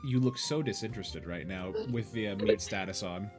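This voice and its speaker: A man's voice: fairly low pitch, moderate pace, few pauses, faint music behind. A young man casually hosting a livestream show, rambling and chatting with viewers while reading their messages aloud. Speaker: podcast host.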